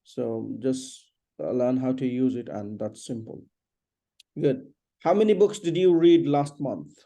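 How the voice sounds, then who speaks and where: A man teaching an English lesson one on one, patiently repeating questions and explaining slowly. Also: medium pitch, gravelly, dark tone.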